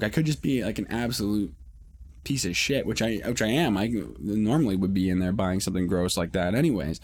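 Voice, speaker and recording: A man's voice: lowish voice, fairly quick, darkish tone. Rambling, profane man telling a story. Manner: rambling and profane, with many restarts. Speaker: podcast host. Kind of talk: casual storytelling monologue.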